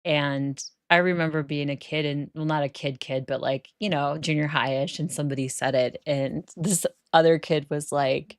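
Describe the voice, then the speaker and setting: A deep-voiced woman with fairly even intonation talks at normal speed with few pauses, and there's no echo. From the northern United States, with a near-Canadian accent, she streams The Sims, chatting casually and laughing often.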